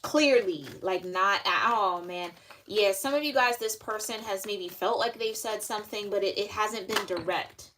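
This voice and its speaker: A woman's voice: mid-range voice, unhurried, fairly bright tone, slight background noise. Chatty woman reading tarot. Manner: chatty, filler-heavy, loose and conversational. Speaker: tarot reader. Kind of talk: casual tarot reading monologue.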